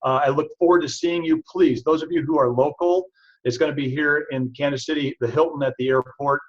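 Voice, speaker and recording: A man with a husky, slightly breathy voice talks to a live audience in a chatty, self-deprecating way, pitched a little high for a man. The sound is dull and lo-fi. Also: steady tone, brisk. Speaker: chiropractor presenting products. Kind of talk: casual product talk to an audience. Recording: dull lo-fi recording.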